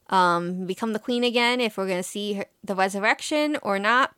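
A woman's voice: mid-range voice, fairly bright tone, clear, resonant tone, no echo, studio quality. A woman co-hosting a casual podcast, recapping an anime episode in a chatty, emotional way with lots of fillers. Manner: chatty and emotional, with many fillers and quoted lines. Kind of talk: casual chat.

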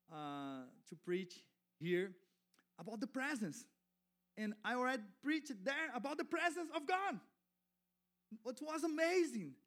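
A man, not a native English speaker, preaching as a guest pastor in halting, self-correcting English that builds to fervent shouting. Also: very high voice. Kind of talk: sermon.

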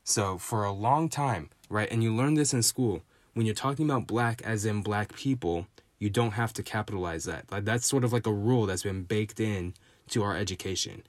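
A man's voice: lowish voice, normal speed, dry recording. A man giving an impassioned, frustrated monologue, often stopping to ask "right?". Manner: frustrated, emphatic, keeps asking "right?".

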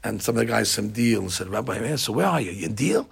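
A man, a rabbi, giving a storytelling sermon that swings between hushed and loud. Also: fairly low pitch, animated, fast talker, vocal fry, breathy edge. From United States.

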